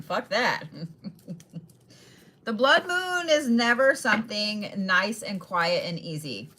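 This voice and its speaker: A woman's voice: medium pitch, big pitch swings, unhurried, long pauses, pushed and bright, slight background noise. A woman giving casual, blunt zodiac readings straight to each sign, swearing freely and laughing often. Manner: direct address to each sign. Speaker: tarot and astrology reader.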